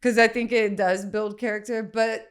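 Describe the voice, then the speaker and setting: A woman's voice: fairly high pitch, steady tone, normal speed, smooth. Candid woman guest chatting bluntly. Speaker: podcast guest. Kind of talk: casual chat.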